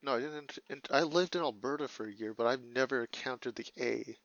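A man in casual chat, answering in quiet, brief replies. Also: medium pitch, fast, dry recording, lo-fi sound.

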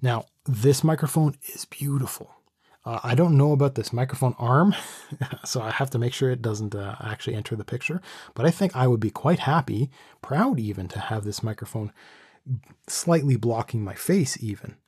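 A man's voice: medium pitch, normal speed, a little mellow, breathy edge, no room sound. A man talking casually about his microphone setup into a studio microphone in a small home room, rambling and thinking aloud with restarts. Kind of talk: casual talk to camera. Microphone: studio condenser microphone with pop screen.

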